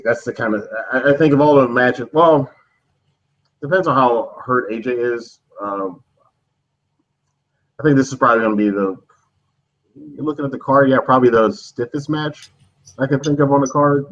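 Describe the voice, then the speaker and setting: A man's voice: medium pitch, normal speed, long pauses, a bit bright. A man co-hosting a wrestling preview chat, talking casually and hesitantly. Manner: casual, hesitant, restarts sentences. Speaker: co-host. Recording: dull lo-fi mic.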